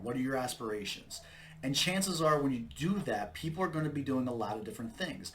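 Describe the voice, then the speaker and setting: A man's voice: medium pitch, a bit bright. A young man hosting a casual talk on running marketing meetings. He speaks in an easy, conversational way and drives his points home with emphatic, punchy repetition.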